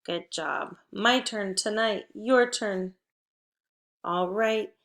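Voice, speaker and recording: A woman teacher giving a spelling and phonics lesson to first graders, patient and encouraging, prompting with clear cues. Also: medium pitch, drawn-out words, fairly bright tone. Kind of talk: phonics lesson for young children.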